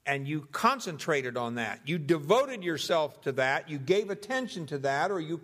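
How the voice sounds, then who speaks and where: A young man preaching, teaching through a Bible passage in a measured, deliberate way and going through its translations one by one. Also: a little high, very animated, a bit bright, big-room sound. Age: young adult. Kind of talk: expository Bible sermon.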